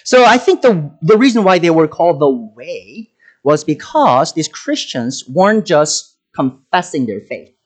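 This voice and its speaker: Man, pastor, sermon, animated intonation, casual fillers and restarts. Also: on the high side, unhurried, poor audio. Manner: lively preaching with many fillers and restarts.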